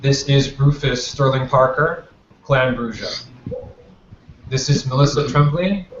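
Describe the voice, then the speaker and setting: A man's voice: medium pitch, unhurried, close to an everyday voice. Man playing a stately female vampire Justicar. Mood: formal. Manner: formal, stately introductions. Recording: roomy, dull lo-fi, faint noise.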